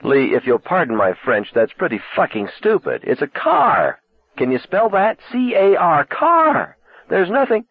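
A man's voice: mid-range voice, very animated, moderate pace, few pauses, husky, dry recording, pitched above the performer's own voice. A man reading aloud, voicing a desperate teenage boy whose voice strains upward. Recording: tinny lo-fi cassette sound.

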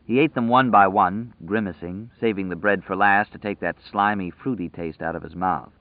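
A man with a fairly low voice reads a novel aloud in a measured, dramatic way. The recording is dry with no room sound and has a thin, phone-like tinniness. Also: dry recording. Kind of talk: audiobook narration.

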